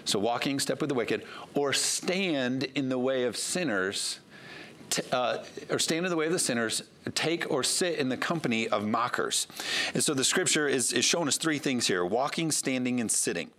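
A man's voice: medium pitch, animated, moderate pace, fairly bright tone. A pastor preaching a sermon to his congregation in an earnest, conversational way, reading scripture aloud as he goes.

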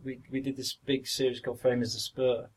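A man's voice: medium pitch, monotone, fairly quick, slightly rough, rough recording. An older man with a Yorkshire accent, an actor telling stories in an interview, rambling and repeating words, sometimes acting out what others said. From Yorkshire, northern England. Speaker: actor, podcast guest. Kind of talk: anecdotal interview reminiscence.

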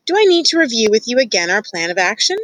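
A woman voicing a sly, scheming male rat who speaks with mock-polite, drawn-out courtesy in a storybook reading. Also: on the high side, big pitch swings, a bit bright, dry recording, rough recording. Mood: patronizing.

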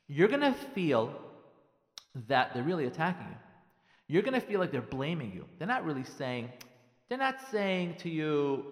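A man, a rabbi, giving marriage advice in a radio talk, animated and repeating lines for emphasis while acting out the dialogue he describes. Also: fairly high pitch, moderate pace, big-room sound.

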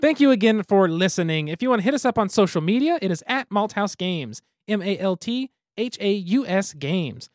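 A man's voice: high-pitched, animated, normal speed, hardly any pauses, dry recording, clean studio sound. Easygoing self-deprecating man, podcast co-host. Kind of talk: casual podcast chat.

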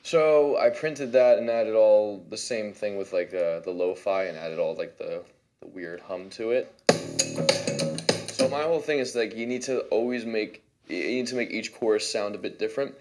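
Chatty lower-voiced man over faint music. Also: moderate pace. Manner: chatty and loose, full of "like" fillers. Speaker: musician and producer. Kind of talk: casual walkthrough of his song production. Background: faint playback of his own track.

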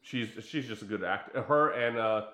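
A man's voice: lowish voice, normal speed, sharp tone. A man chatting casually as a podcast host, enthusiastic and often hesitating to search for names. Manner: enthusiastic, hesitant, gropes for names with many fillers. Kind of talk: casual chat. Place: room, in studio with guest. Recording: echoey room.

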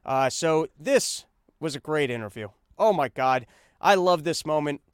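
A man's voice: a little high, lively intonation, a little slow, smooth, no room sound, studio quality. A man hosting a comedic news monologue, rambling and sarcastic, talking while he paces on a treadmill. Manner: rambling, sarcastic, full of fillers and restarts; talks while pacing on a treadmill. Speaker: podcast host.

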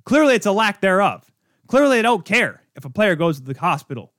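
A man's voice: high-pitched, sing-song, a little fast, fairly bright tone, no room sound, clean studio sound. A man hosting a sports podcast, ranting in an exasperated, sarcastic way. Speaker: podcast host. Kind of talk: heated sports rant.

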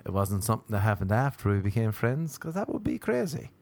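An Irish man telling a rambling comic story with deadpan asides, swearing and acted-out quoted voices. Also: fairly low pitch, brisk. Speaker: touring comedian.

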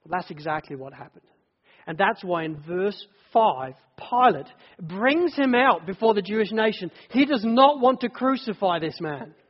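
A man's voice: sits high, sing-song, normal speed. A man preaching a sermon in a church, telling the story vividly and earnestly. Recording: dull echoey church hall.

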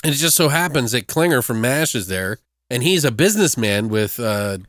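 A man's voice: medium pitch, moderate pace, no room sound, clean studio sound. A man in casual chat, retelling a movie plot with lots of swearing and acting out the characters' lines. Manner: profane, animated, acts out characters' lines.

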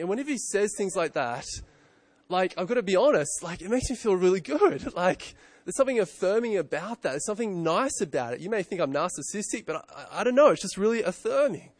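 Pastor, a man in his 30s, preaching casually with repeated questions, slightly high voice, close and dry. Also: big pitch swings, fast talker, no room sound. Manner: conversational, self-correcting, rhetorical questions. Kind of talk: sermon.

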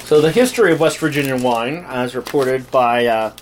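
On poor audio with a little hiss or hum, a man speaks at normal speed in a mid-range voice. He's a podcast co-host chatting casually and reading history notes aloud, adding irreverent, jokey asides.

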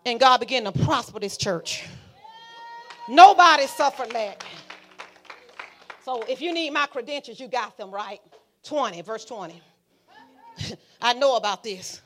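A woman's voice: sits high, animated, normal speed, pauses often, a bit bright, soft background music. A woman pastor, preaching a fiery sermon and calling out to the congregation. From Alabama. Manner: fiery, preaching with call-and-response.

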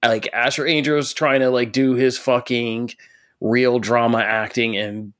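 A man's voice: mid-range voice, unhurried, no room sound. A man in his thirties co-hosting a film podcast, telling stories in a profane, ranting way during casual chat. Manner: profane, ranting, animated storyteller.

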